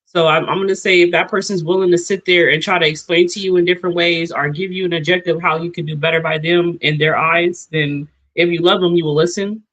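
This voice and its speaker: A woman's voice: on the low side, fairly even intonation, fairly quick, few pauses, fairly bright tone, dull audio. A woman guest on a casual podcast explaining her view earnestly. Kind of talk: casual group chat.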